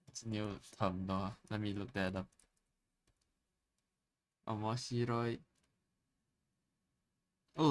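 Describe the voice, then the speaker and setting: A man hosting a relaxed art stream, chatting casually and reacting to viewer comments. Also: medium pitch.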